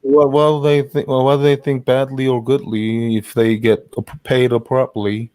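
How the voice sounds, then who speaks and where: A man's voice: mid-range voice, level tone, moderate pace, mellow, no echo. A man hosting a heated call, arguing, insulting the other side and ending sentences with "man". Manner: insulting, combative, tacks "man" onto sentences. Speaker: channel host arguing with a caller.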